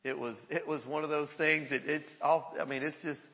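A male pastor telling stories in a sermon, animated and often chuckling. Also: on the high side, normal speed. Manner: animated storytelling with frequent chuckles. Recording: echoey hall.

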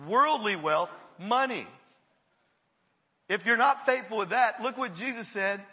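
A man preaching a sermon to his congregation, animated, repeating words and calling on the listeners to answer. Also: high voice, measured pace, in a large hall. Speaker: pastor. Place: church.

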